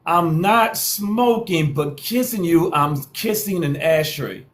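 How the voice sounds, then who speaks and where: A man's voice: a little high, lively intonation, slow pace. A man hosting a live call-in panel show, talking in a slangy, teasing way and repeating lines for effect. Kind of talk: casual live-stream talk.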